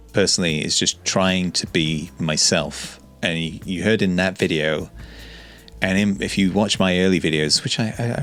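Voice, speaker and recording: A calm, shy man vlogging to camera, talking in a relaxed monotone with frequent stutters and restarts. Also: deep voice. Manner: calm, relaxed, soft-spoken. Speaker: YouTuber. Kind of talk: reflective talking-to-camera vlog.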